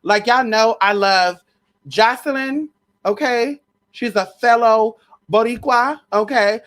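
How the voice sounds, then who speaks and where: A woman vlogger in a casual, profane gossip rant, brash and sassy, full of pet names and shout-outs, sometimes jumping into a shrill, mocking high voice. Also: takes it slowly. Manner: mocks others in a shrill high voice.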